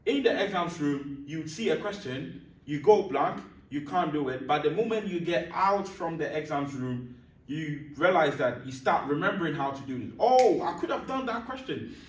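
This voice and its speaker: A man's voice: fairly high pitch, moderate pace. Man teaching, asking and answering himself. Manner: asks rhetorical questions and answers them himself; repeats points emphatically, checks understanding. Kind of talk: classroom lesson on exam stress. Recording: roomy echo, mic at a distance.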